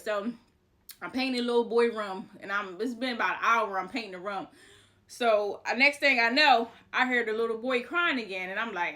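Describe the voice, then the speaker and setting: A woman tells a personal story in a casual, animated way. Her voice is bright and a touch high, with a forceful edge. She leans on fillers and curses freely as she talks. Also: fairly quick. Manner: animated, chatty, swears freely. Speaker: vlogger, house painter.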